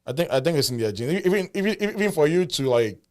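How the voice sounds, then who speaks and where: A man's voice: on the high side, big pitch swings, quick pace, darkish tone. A man co-hosting a casual chat, talking hesitantly with many fillers and restarts, and often agreeing. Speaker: co-host.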